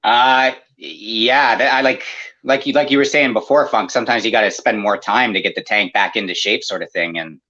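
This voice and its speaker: Low-voiced man, dull dry sound. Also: moderate pace, hardly any pauses, bright, forceful tone, no echo. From Canada. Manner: easygoing, explains at length with many fillers. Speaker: aquarium maintenance service owner. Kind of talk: casual podcast chat.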